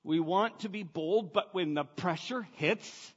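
A man's voice: high voice, unhurried, breathy edge. A man preaching a sermon in a conversational, emphatic way, asking his listeners questions. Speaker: pastor. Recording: dull lo-fi sound with long reverb.

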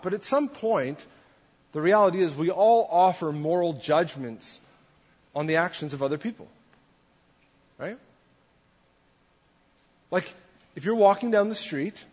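A pastor with a high, slightly rough voice preaches a conversational sermon, putting questions to his congregation. The recording carries the dull, long reverb of a church hall.

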